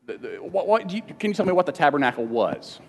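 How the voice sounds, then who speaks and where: A man teaching a Bible lesson to a congregation in a casual, halting way, often repeating words and slipping in jokes, at times emotional. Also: sits high, very animated, vocal fry, a little mellow, husky. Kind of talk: informal teaching sermon with questions to the room. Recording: long reverb of a large hall.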